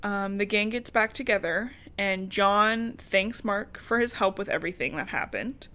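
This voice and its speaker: A woman's voice: mid-range voice, moderate pace, sharp tone. A woman co-hosting a podcast, recapping a book in casual chat, full of fillers and sarcastic asides.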